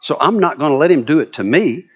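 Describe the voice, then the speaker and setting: Animated Southern preacher man. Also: on the high side, fast talker, dull audio. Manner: animated, dramatic quoting of scripture. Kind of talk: sermon.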